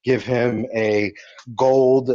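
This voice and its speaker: A man's voice: mid-range voice, steady tone, extremely slow, warm tone, highs cut off. Rambling male game master. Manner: loose, rambling narration with many fillers. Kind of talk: narrating a tabletop game.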